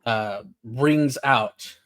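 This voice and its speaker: A man narrating a tabletop role-playing game as game master, relaxed and halting, with many fillers. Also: mid-range voice.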